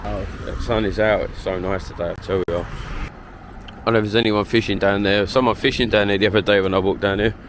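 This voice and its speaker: A man with an Essex accent and a lowish voice rambles through a casual walk-and-talk vlog, peppering his talk with "like" and swearing. Loud wind roars across his phone mic on an outdoor harbour walk. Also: steady tone, fairly quick. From Essex, England. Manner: rambling, slangy, full of "like" and swearing. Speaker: vlogger.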